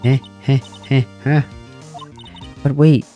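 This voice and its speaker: A man's voice: mid-range voice, little pitch movement, slow pace, warm tone, lo-fi sound, faint music behind, voice pushed up, natural voice. A man voicing a sassy, bratty young woman witness in a game, with a whiny, mocking and indignant manner. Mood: taunting. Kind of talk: voicing a video game's text for a let's play.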